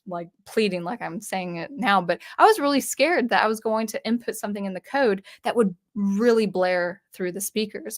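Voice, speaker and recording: A woman hosting her channel, casually recounting a personal story with frequent restarts, asides and acted-out dialogue. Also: medium pitch. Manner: acts out remembered dialogue with shifts in tone. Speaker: electronic music composer and channel host.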